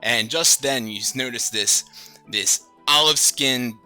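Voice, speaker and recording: Man running a tabletop game, very bright tone, faint music behind, casual and rambling. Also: mid-range voice, measured pace, clear, resonant tone. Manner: casual, many fillers and restarts. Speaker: dungeon master.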